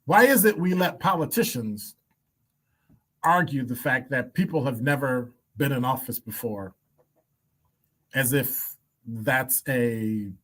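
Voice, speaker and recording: A man hosting a talk segment in plain, blunt commentary. He hammers his points with rapid rhetorical questions and dry asides, his pitch sitting at an ordinary middle height. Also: fairly bright tone. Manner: emphatic, piles up rhetorical questions; blunt, wry asides and chuckles. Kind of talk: opinion commentary.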